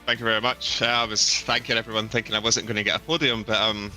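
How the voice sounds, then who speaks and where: A man with a lowish voice and a very sharp, bright edge to it chats after winning a race. He rambles in a relaxed way, padding his sentences with ums. Faint music sits behind him. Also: quick pace. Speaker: race-winning driver interviewed. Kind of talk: casual post-race interview.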